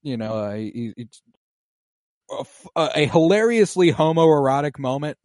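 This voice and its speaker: A man co-hosting a podcast, recapping a show in casual chat and acting out quotes with big jumps in pitch. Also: lively intonation, normal speed, darkish tone, no echo, studio quality. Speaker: podcast co-host.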